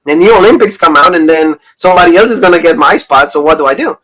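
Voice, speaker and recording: A man in his thirties from Pennsylvania speaks fast in a high, somewhat bright voice on a low-quality recording. Co-hosting a casual review podcast, he rambles through retold stories, quoting lines along the way.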